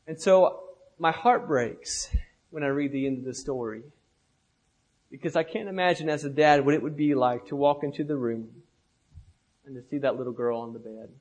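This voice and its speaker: A young man delivers a sermon at an ordinary middle pitch. He builds impassioned, rhythmic repetitions and lets phrases sink to a soft finish. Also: dull audio. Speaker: preacher.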